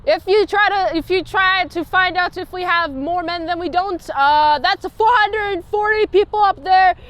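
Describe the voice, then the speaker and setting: A woman's voice: very high voice, normal speed, a bit bright, voice pushed up. A woman playing a swaggering mobster Captain Kirk. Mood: boastful. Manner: swaggering, tough-guy threats. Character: brash male starship captain posing as 1920s mobster.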